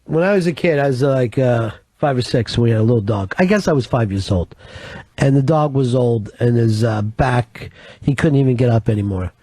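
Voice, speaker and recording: A man spinning a grim, funny childhood yarn in a flat, matter-of-fact delivery, swearing freely. His voice is dry and close, with no room sound around it. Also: mid-range voice, moderate pace, no echo. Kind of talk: comedic storytelling.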